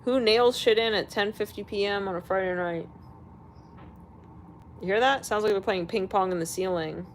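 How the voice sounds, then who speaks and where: A woman's voice: mid-range voice, moderate pace, slight background noise. A woman hosting an astrology channel, ranting casually and bluntly to her viewers, swearing freely and laughing between remarks.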